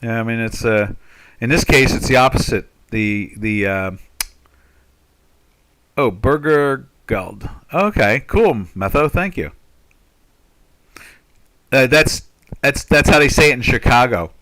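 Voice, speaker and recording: An older US man hosts a live trading webinar in a medium-pitched, animated, slightly bright voice. He goes at a slow pace with frequent pauses, rambling through market commentary with lots of "you know" fillers and restarts.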